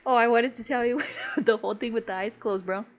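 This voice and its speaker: A woman chats on a podcast, trading stories in casual slang full of swearing and "bro." She is animated and often laughs mid-sentence. The recording is a bit dull and lo-fi. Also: a little high, brisk. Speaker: podcast co-host. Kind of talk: casual storytelling chat.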